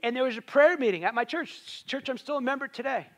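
A man's voice: extremely high pitch, quick pace. A man preaching a sermon in a conversational way, rising to emphatic peaks.

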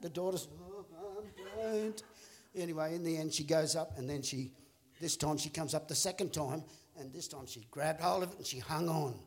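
Male pastor, high-pitched, animated storytelling sermon delivery, chuckles often. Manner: animated storyteller, acts out characters, laughs along. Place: church auditorium.

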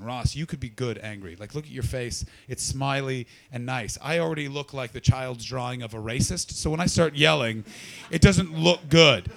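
A hoarse man who has lost his voice does stand-up and banters with the audience. He's loud and foul-mouthed, and his voice keeps jumping suddenly into a shrieking high register.

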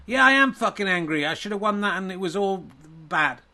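A man's voice: mid-range voice, steady tone, measured pace, a bit bright, lightly acted. A man doing an angry, sweary loser. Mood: aggrieved. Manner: aggrieved, sweary complaining. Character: sulky, grumbling male snooker player knocked out.

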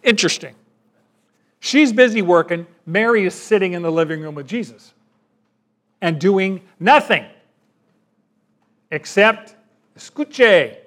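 A man preaching a sermon, reading scripture aloud and asking his listeners questions, swinging from emphatic declarations to hushed, quiet lines. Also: sits high, a little slow, long pauses. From United States. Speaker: pastor.

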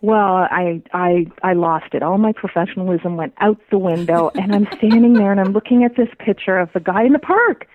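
A woman telling a personal story as a guest, animated and laughing often. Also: medium pitch, fairly quick, hardly any pauses, slight background noise. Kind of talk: casual storytelling. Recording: tinny dry phone line.

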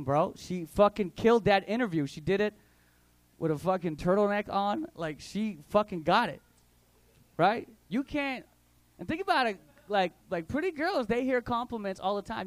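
High-voiced, slangy young male comedian. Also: no echo. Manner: crude, slangy, animated storytelling. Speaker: stand-up comedian. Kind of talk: stand-up comedy. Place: comedy club stage.

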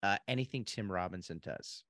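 A middle-aged man co-hosting a podcast in casual chat, talking haltingly and repeating words, with a lingering cough. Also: deep voice, a bit bright, dry recording, clean studio sound. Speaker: podcast co-host.

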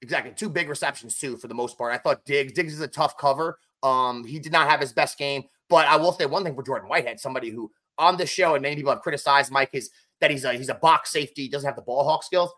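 A man co-hosting a casual sports podcast, talking fast and emphatic as he runs through game stats. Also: medium pitch, bright, forceful tone. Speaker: podcast co-host.

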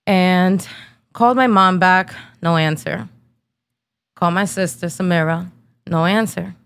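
A woman's voice: fairly low pitch, unhurried, creaky, a bit bright, clear, resonant tone, no echo, clean studio sound. A woman in her thirties, from New Jersey, hosting a podcast and telling a personal story in a blunt, casual, slangy way, swearing freely and holding back tears. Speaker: podcast host.

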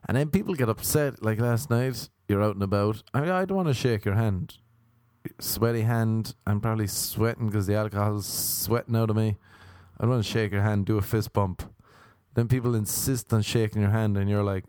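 A man's voice: lowish voice, a little fast, a little mellow, dry recording. Rambling man, dry close sound. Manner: rambling, profane, self-mocking. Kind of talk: casual comic monologue.

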